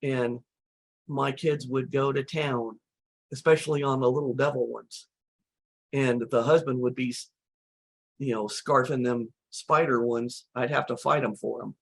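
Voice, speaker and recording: A slightly hoarse woman host, walking through recipes in relaxed, chatty talk full of fillers. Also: a bass voice, unhurried. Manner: relaxed, chatty, many "you know" fillers. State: slightly hoarse, losing her voice. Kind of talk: casual cooking chat.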